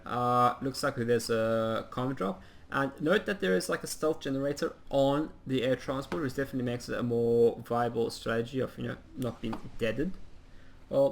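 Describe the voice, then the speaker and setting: A man giving casual play-by-play commentary on a strategy game, chatty and rambling with plenty of ums, and quick to poke fun at himself. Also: medium pitch, gravelly. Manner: self-mocking humor. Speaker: game caster.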